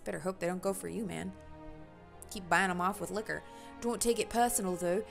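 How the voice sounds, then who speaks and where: A woman's voice: lowish voice, fairly even intonation, a little fast, soft background music. A woman doing a hearty old sea-dog tavern keeper with a put-on sailor brogue. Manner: rough, jovial, drawled. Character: gruff pirate-ish tavern keeper man, hearty and boastful.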